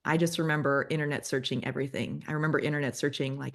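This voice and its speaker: A woman's voice: sits low, steady tone, quick pace, vocal fry, hardly any pauses. A woman in her forties, a children's ministry guest, telling candid, self-deprecating stories in casual conversation.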